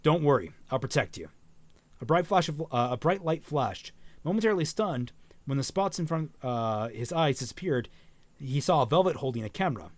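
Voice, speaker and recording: Animated man reading a story aloud. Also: a little high, normal speed, no echo. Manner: animated, self-correcting, profane asides. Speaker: stream host reading a fan story aloud. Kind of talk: casual story reading with asides.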